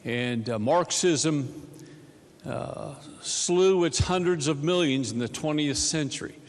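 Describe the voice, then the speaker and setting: A man's voice: fairly high pitch, slow pace. A man giving an emphatic, fervent floor speech as a state senator. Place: legislative chamber. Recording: echoey legislative chamber.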